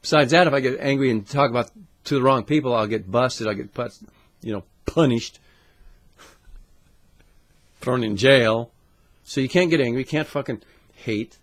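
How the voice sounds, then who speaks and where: A man hosting his own channel, ranting to camera with constant swearing, jumping between loud outbursts and muttered asides. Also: medium pitch, moderate pace, long pauses. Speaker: channel host. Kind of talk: profane conspiracy rant to camera.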